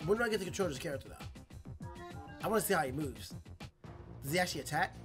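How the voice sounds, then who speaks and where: A man hosting a let's play, chatting casually about the game, reacting loudly and reading its text aloud. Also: high-pitched, lively intonation, fairly quick, long pauses, faint music behind. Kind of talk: casual gameplay commentary.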